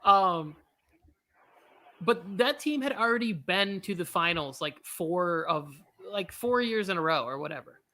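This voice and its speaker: A man's voice: high-pitched, lively intonation, a little slow, pushed and bright. A man co-hosting a basketball watch party, talking casually with rambling asides and self-mocking jokes. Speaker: co-host of a sports watch party. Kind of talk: casual live game commentary.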